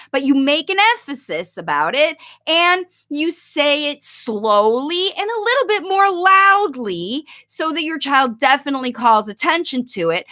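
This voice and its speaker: A woman with a high, bright voice coaches parents in a relaxed, conversational way. She explains at length and slows down to model words clearly. She sounds middle-aged. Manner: conversational and instructive, models phrases slowly for emphasis. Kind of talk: live-streamed parent coaching talk.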